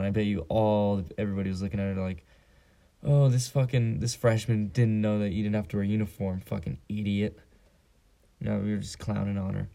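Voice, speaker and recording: A man's voice: on the low side, vocal fry, warm tone. A teenage boy hosting a casual solo podcast, telling a joking, profane story. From San Diego. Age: teens. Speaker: podcast host.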